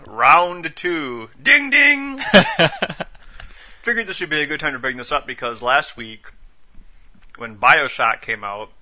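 A young man hosting a podcast in relaxed, joking casual chat. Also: medium pitch. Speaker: podcast host.

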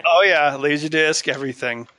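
Higher-voiced guy cracking quips on a podcast, super dry mic. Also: pushed and bright, no room sound. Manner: quick, quippy, asks questions. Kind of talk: casual chat.

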